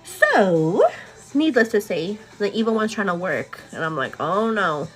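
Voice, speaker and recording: A woman's voice: medium pitch, unhurried, faint music behind. A young woman telling a story to her viewers in a casual, chatty way, tired and overwhelmed, laughing often and quoting both sides of an argument. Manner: chatty, animated retelling with laughs, quotes others. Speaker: vlogger.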